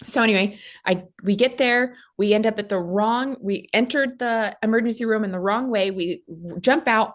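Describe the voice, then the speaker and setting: A young woman tells a personal story as a podcast guest, casual and animated. She slips into other people's voices when she quotes them. Her voice sits at a medium pitch. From Texas.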